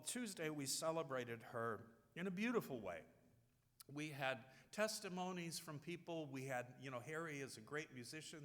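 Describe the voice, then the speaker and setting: A man's voice: a little high, fairly bright tone. Man preaching in an echoing church. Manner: heartfelt storytelling with restarts. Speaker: pastor. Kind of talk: sermon.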